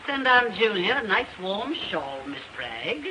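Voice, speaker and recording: A woman's voice: mid-range voice, big pitch swings, a little slow. An actress playing a snobbish, wealthy society mother in a 1930s film, haughty and dismissive. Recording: noisy old film soundtrack.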